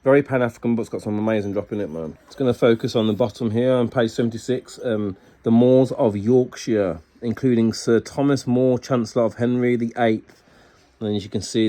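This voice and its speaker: A man reading aloud from books and commenting excitedly, ending almost every phrase with "man". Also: medium pitch. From Scotland. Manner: excitable, peppers sentences with "man". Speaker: book reviewer. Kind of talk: casual video talk reading from books.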